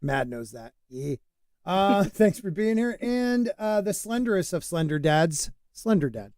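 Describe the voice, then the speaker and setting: A man's voice: high voice, big pitch swings, a little slow, darkish tone, no room sound, clean studio sound. A man hosting a casual podcast panel on a video call, chatty and self-deprecating, often talking over his guests. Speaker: podcast host.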